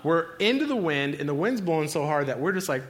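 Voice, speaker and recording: Man, young pastor, casual sermon, laughing storyteller, slightly high voice. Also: sing-song, fairly quick.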